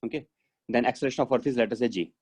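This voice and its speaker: Fast-talking teacher. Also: male voice, mid-range voice, darkish tone, slightly rough. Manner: explanatory, thinks aloud with many fillers. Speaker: physics teacher. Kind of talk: live online class lecture. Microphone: video call.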